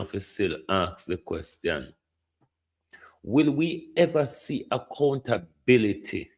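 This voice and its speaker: Jamaican guy ranting about govt, slow talker, kinda low voice, patois mixed in. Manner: indignant, mixes patois with standard English. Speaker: political commentator. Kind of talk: opinion commentary.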